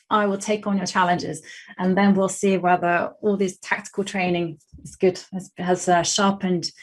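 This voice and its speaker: A young woman with a West London English accent talks her way through chess games on a live stream. She is chatty and laughs easily, and she thinks aloud with plenty of restarts. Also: medium pitch. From England. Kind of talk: casual live-stream chat while playing chess.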